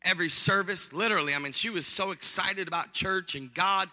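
A male preacher with a high, very bright voice tells a story from the pulpit. He is animated and jokes along the way, then rises into shouted exhortation. His voice rings with reverb through a church hall. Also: brisk. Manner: animated, joking, builds to shouting. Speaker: pastor. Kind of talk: storytelling sermon.

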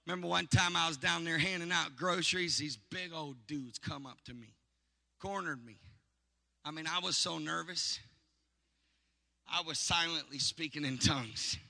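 Gravelly preacher in a big hall. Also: male voice, a little high, moderate pace. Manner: call-and-response preaching, swells to shouting. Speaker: pastor. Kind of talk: preaching sermon with stories.

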